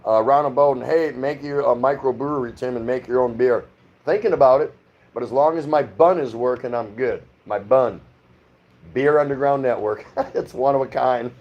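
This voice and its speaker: Speaking at normal speed in a medium-pitched voice, a middle-aged man from the US hosts a casual home livestream in the Philippines. He rambles while reading viewer comments aloud and responding, and the audio sounds dull.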